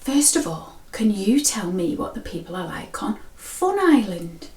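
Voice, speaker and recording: A woman's voice: mid-range voice, big pitch swings, a little slow, darkish tone, distant mic. A woman voicing a chatty, friendly ferryman who likes a natter. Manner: chatty, easygoing, sing-song. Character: chatty friendly middle-aged male ferryman. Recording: roomy echo.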